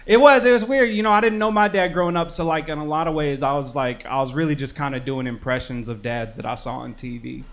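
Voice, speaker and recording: A man's voice: fairly high pitch, steady tone, quick pace, hardly any pauses. A young man doing a stand-up set on a club stage, talking in a loose, self-deprecating way with lots of "you know". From American Midwest. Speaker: stand-up comedian. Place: comedy club stage with audience.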